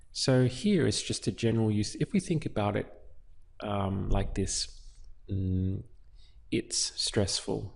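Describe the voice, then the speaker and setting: A man's voice: lowish voice, vocal fry, darkish tone. A man teaching a Spanish lesson, explaining translations word by word. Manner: slow, explanatory, talks through each word. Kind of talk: relaxed language lesson.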